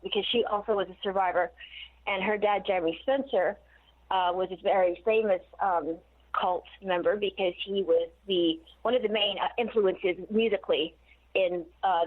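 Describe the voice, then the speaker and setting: A woman in her forties, a guest on a phone interview, telling long digressive stories with laughs mixed in. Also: medium pitch. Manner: rambling, digressive storytelling with laughs. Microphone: phone call. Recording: tinny phone line.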